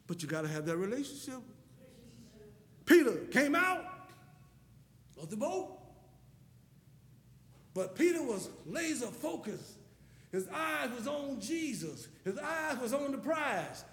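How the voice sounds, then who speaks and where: High-voiced man preaching in an echoey hall. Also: animated, normal speed, a little hiss or hum. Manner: impassioned, storytelling, rising to shouts. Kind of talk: sermon. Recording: echoey hall with long reverb.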